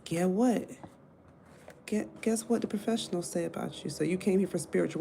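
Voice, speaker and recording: A woman's voice: on the low side, normal speed, creaky, mellow, slight background noise. A woman giving a casual live tarot reading, blunt and talkative, cussing and joking to her viewers. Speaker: tarot reader.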